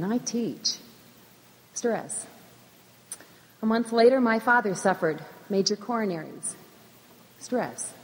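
A middle-aged woman who teaches school, giving a measured, earnest personal faith testimony in a church. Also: medium pitch. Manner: earnest, measured, emphatic repetitions. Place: church sanctuary. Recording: long church hall reverb.

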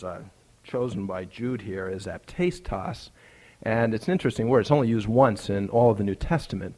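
A man's voice: medium pitch, a little mellow. A male preacher telling a personal story in a conversational sermon, building up to emphatic, rising lines.

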